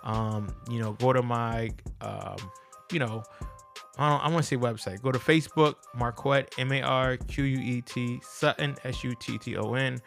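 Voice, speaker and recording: A man's voice: mid-range voice, fairly even intonation, moderate pace, creaky, faint music behind. A man hosting his own podcast, talking in an earnest, casual motivational monologue and repeating phrases for emphasis. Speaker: podcast host.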